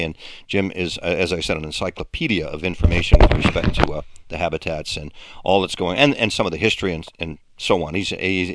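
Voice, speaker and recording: A man hosts a local radio show, wrapping up the hour and reading out event notes. His voice sits very low, and he talks in a halting way full of fillers. The sound is dry and close. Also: fairly bright tone, no echo. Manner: halting, many fillers and restarts. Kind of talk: casual radio talk and announcements.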